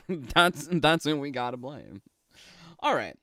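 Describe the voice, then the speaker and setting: Man, Canadian accent, sarcastic livestream rant, frequent laughs, dry close mic, unhurried delivery. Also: a little high, lively intonation, pushed and bright, no room sound. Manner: sarcastic, laughs often between phrases. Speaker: streamer and commentator.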